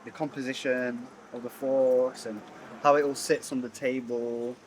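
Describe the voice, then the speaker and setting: A young content creator chats loosely about his day in a coffee shop for a casual vlog, peppering his speech with "like" and "you know." His medium-pitched voice is flat and measured, with background music and slight background noise.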